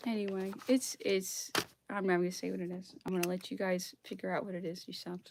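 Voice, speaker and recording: A woman's voice: on the low side, little pitch movement, brisk, gravelly, background noise. A woman in an impassioned solo vlog monologue, dropping into whispers at times and close to tears. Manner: emotional, drops into whispered asides, near tears. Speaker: vlogger reading history aloud.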